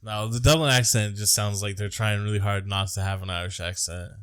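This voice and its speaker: An American man co-hosts a podcast, joking around and chatting crudely and laid-back about a movie. His lowish voice is steady, a little fast, a bit bright, clear and resonant, in studio-quality audio with no room sound.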